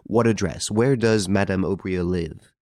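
A man reading the lines of a composed, worldly aristocratic adventurer in a storybook, calm and self-assured. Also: low-pitched, unhurried, no room sound, clean studio sound.

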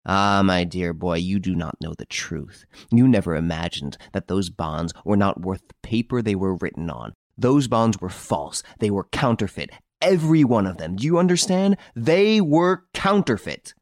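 A man voicing a proud, irritable gentleman thief in an audiobook, given to mocking, indignant outbursts. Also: deep voice, lively intonation, moderate pace, few pauses, dry recording, studio quality. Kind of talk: audiobook character reading.

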